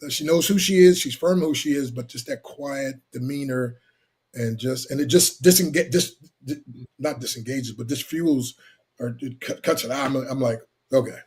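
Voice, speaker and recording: A middle-aged man telling animated stories about his marriage, laughing often and wandering off on tangents. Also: medium pitch, moderate pace, breathy edge. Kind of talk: animated testimony.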